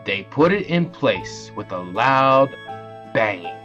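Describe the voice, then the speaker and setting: Slow expressive man reading a bedtime story. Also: mid-range voice. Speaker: narrator. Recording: dull lo-fi audio with music.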